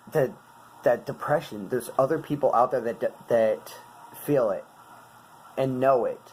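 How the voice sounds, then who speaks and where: A man in his twenties, talking earnestly and haltingly as a vlogger, searching for his words. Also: medium pitch, a little mellow, a little hiss or hum, poor audio. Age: 20s. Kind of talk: casual talk explaining song lyrics.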